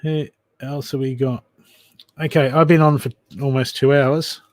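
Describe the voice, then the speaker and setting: A man's voice: mid-range voice, steady tone, unhurried, no echo. A man giving tarot readings on a casual livestream, chatty and familiar, calling viewers darling and mate. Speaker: live tarot card reader.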